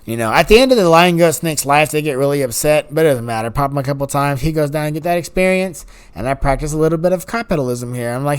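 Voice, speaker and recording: A man talking loosely over footage of his own game run, wandering from point to point. His voice sits a bit high and comes across smooth and clear. When he quotes himself or others, his pitch leaps up. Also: fast talker, few pauses. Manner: rambling, animated, acts out quoted dialogue in higher voices. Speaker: gaming YouTuber. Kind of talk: casual gameplay commentary.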